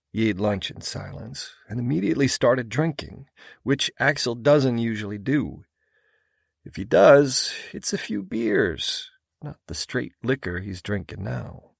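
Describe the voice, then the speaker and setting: Male audiobook narrator, low voice, dry close sound, gruff, intense, first-person. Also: no echo.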